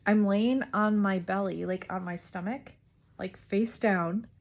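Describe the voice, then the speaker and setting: A woman's voice: mid-range voice, fairly even intonation, measured pace, creaky, a little mellow. A woman vlogger casually telling a personal story, rambling with many "like"s and restarts.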